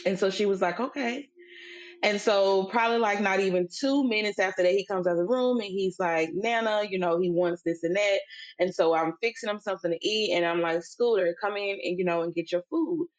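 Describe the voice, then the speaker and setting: Co-hosting a faith podcast, a middle-aged woman relates a family story in a relaxed, chatty manner, voicing the people she quotes. Her mid-range voice moves briskly, building into emphatic, preachy points.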